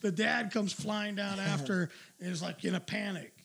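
A man with a high voice and a rough, gravelly edge tells a long story in loose, casual talk. He is middle-aged. He rambles, swears freely and laughs at his own anecdote. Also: moderate pace, a bit bright. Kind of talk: casual chat, telling an anecdote.

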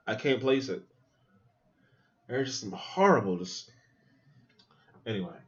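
Man, podcast host, loose profane movie-reaction chat, lively swinging pitch, dull lo-fi sound. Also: unhurried. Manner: animated, profane, thinks aloud with asides. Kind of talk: casual movie reaction commentary.

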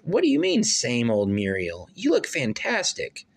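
Deep rough-edged gushing guy producer played by a woman, really lively delivery, play rehearsal. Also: measured pace, exaggerated voice. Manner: effusive, gushing. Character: eager middle-aged male film producer. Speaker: actor in a rehearsal. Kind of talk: rehearsed stage play reading.

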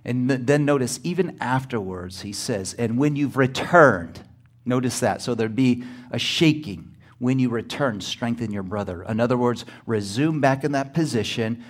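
A male pastor preaching a sermon, emphatic and often rising to near-shouted exclamations, calling out to the congregation for a response. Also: mid-range voice, lively intonation, normal speed.

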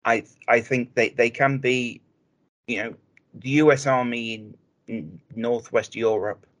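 A man co-hosting a hobby podcast, speaking in a measured, explanatory way with frequent restarts. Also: medium pitch, steady tone. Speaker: podcast co-host. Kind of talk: casual chat.

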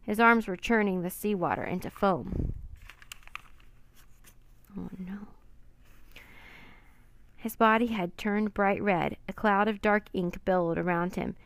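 Gravelly woman reading a children's story. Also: mid-range voice, normal speed. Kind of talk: children's book read aloud.

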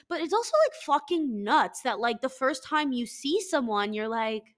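High bright-voiced young woman ranting. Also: a little fast. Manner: profane, animated, mock-angry ranting. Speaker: podcast host. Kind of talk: casual comedic rant. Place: home desk. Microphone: headset.

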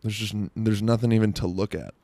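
Young man, low voice, rambling comedic monologue, crude humor, dry close sound. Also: fairly even intonation, fast, dark tone, no room sound. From South Florida. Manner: rambling, crude, self-interrupting with lots of "like".

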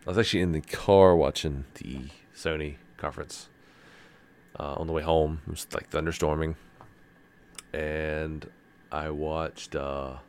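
A man with a very low voice co-hosts a laid-back gaming podcast. He tells stories with a lot of energy and slips into playful voices when he quotes other people. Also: fairly even intonation, unhurried, darkish tone, clear, resonant tone. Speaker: podcast co-host. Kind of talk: casual gaming chat.

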